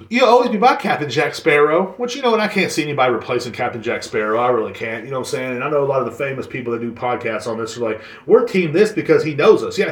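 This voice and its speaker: A young man hosting a podcast, ranting sarcastically and swearing often. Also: on the high side. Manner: swearing, sarcastic, mocks others in put-on voices. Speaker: podcast host. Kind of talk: casual ranting monologue. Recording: echoey room.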